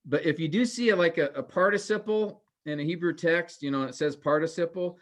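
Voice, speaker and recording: Male teacher, relaxed and chatty, earnest, many ums and restarts. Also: fairly high pitch, a little fast. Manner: relaxed and conversational, with frequent fillers and restarts; earnest, cautionary. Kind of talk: informal class lecture.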